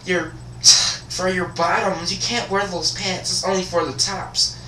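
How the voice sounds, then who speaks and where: A young man putting on a high, whiny voice to play a fussy, scolding school administrator. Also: fairly even intonation, a little slow, bright, forceful tone, roomy sound, recorded from a distance, slight background noise, rough recording. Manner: prim, scolding.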